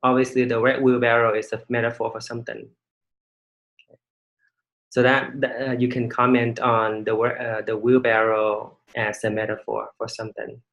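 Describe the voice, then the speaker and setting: Casting: male teacher, mid-pitch, halting and repetitive as he lectures an online class. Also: flat delivery, gravelly, fairly bright tone, low-quality recording. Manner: halting, many fillers and restarts, rhetorical questions. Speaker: online English instructor.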